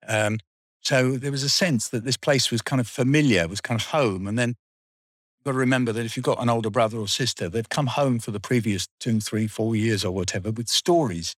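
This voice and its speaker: Speaking briskly at a medium pitch with no echo, an older man from England rambles through his school memories with dry humour as an interview guest looking back.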